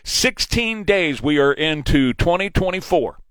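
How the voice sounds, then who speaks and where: A Texan radio host in his forties delivers forceful, opinion-heavy political talk from a studio, repeating points to hammer them home. His animated voice is on the high side, a little slow, a bit bright, and clean. The studio microphone captures it without echo.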